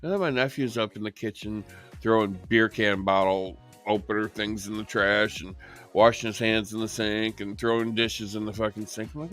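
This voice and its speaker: A man with a lowish voice co-hosts a late-night chat show and tells stories in a profane, animated style. He swears freely as he talks. Faint music plays behind him. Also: a little slow, pauses often. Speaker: co-host.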